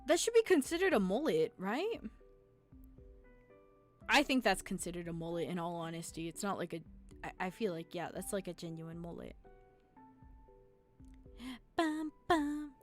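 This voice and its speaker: A young adult woman streaming a game, chatting casually in an excitable, slangy way and quick to laugh and groan. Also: on the low side, faint music behind. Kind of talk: casual live-stream gameplay commentary.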